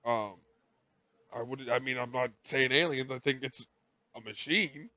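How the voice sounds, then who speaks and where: A man with a bright, forceful voice co-hosts a casual podcast, recapping an episode in a rambling, animated way. The mic is close and dry, with no room sound. He jumps into character quotes now and then. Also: medium pitch, measured pace, dry recording. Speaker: podcast co-host.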